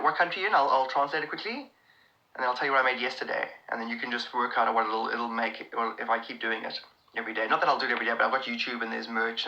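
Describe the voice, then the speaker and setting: A South African comedian chatting casually on a live stream, answering viewers' comments in a rambling, excitable way with many restarts. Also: male voice, medium pitch, lo-fi sound.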